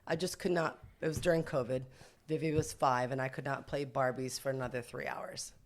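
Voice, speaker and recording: Chatty low-voiced middle-aged woman. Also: fairly even intonation, fairly quick. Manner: chatty, laughing, self-mocking storyteller. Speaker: boutique owner, podcast guest. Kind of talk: casual interview storytelling.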